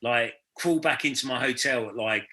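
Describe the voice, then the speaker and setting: Casting note: young male podcast host, very bright forceful tone, loose rambling delivery full of fillers and swearing. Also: medium pitch, moderate pace. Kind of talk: casual chat.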